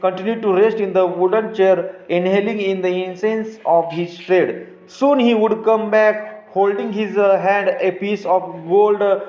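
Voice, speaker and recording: A man with a high voice and an Indian English accent reads a story aloud to his students, stopping again and again to explain words. He talks slowly and haltingly, with many fillers and restarts. The recording is dull and lo-fi, in a roomy space. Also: fairly even intonation, a little mellow. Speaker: teacher.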